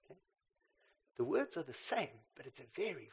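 A man preaching a sermon. He swings between loud emphasis and quiet asides and keeps checking in with "right?". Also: fairly high pitch, big pitch swings, normal speed, vocal fry, husky. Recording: slightly dull lo-fi recording.

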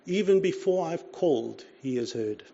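A man's voice: fairly high pitch, lively intonation, normal speed, vocal fry, warm tone, breathy edge. A man preaching a sermon in an earnest, conversational way, often saying "you see" and reading scripture aloud. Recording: dull lo-fi recording.

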